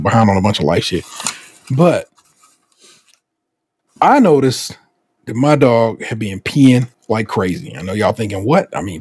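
A man hosting a casual podcast, telling stories in an animated way with swearing and acted quotes. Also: mid-range voice, breathy edge, dry recording. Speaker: podcast host.

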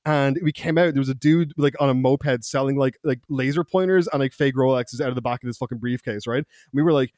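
A man's voice: medium pitch, fast talker, hardly any pauses, darkish tone, no room sound, clean studio sound. A young man co-hosting a podcast, telling rowdy school stories in casual, profane chat, laughing often and quoting people in put-on voices. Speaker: podcast co-host. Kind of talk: casual storytelling.

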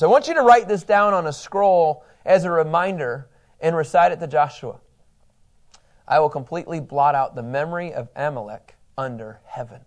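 A middle-aged man teaching a Bible class in a conversational way, reading scripture aloud and asking his listeners questions. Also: on the high side.

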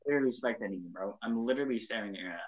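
A man's voice: fairly low pitch, rapid-fire. A young man chatting casually while gaming, laid-back, swearing and saying "bro" and "literally" a lot.

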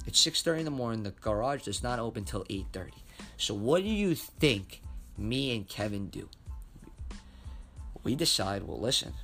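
A man's voice: mid-range voice, fairly bright tone. Profane young New guy telling a story. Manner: profane, rambling, emphatic. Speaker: podcast host. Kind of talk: casual storytelling monologue.

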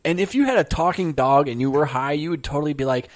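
A man co-hosting a comedy podcast, leading an improv scene and quick to laugh. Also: a little high, dry recording.

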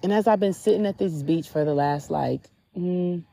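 A woman with a low, mellow voice talks through a casual spiritual reflection. She speaks candidly and chattily, her sentences full of "like" fillers. She is recording outdoors at a beach. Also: normal speed, creaky. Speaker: podcast host.

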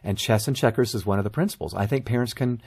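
A middle-aged man, a guest author on a talk show, telling parenting stories in a casual, animated way. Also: mid-range voice, fast, breathy edge. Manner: storytelling, animated anecdotes.

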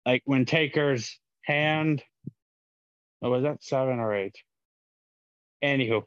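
A man co-hosting a casual podcast chat, excitable and joking, jumping in often with wrestling talk. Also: medium pitch, slow pace, no room sound, dull audio. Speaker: podcast co-host.

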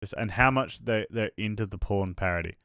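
Fast-talking low-voiced man. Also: creaky, fairly bright tone, dry recording, clean studio sound. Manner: crude, joking. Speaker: podcast co-host. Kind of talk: casual banter.

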